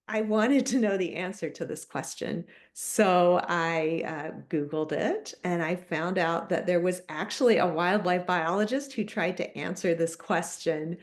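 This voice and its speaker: A middle-aged woman, a children's book author and former teacher, answering interview questions in a chatty, storytelling way. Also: on the low side. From United States.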